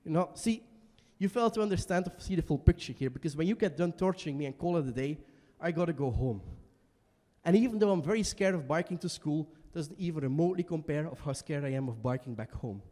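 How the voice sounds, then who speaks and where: Young guy doing an emotional one-man show, kinda high voice, echoey basement. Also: expressive, fast. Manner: emotional, shifts between quiet and shouting. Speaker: stand-up performer. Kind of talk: solo theatre monologue. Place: small basement venue.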